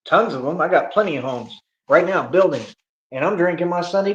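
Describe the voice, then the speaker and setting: Man streamer, bragging and taunting, slightly high voice, echoey dull-sounding room. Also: lively intonation, fairly quick. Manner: boastful, taunting, slangy. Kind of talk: boastful livestream rant.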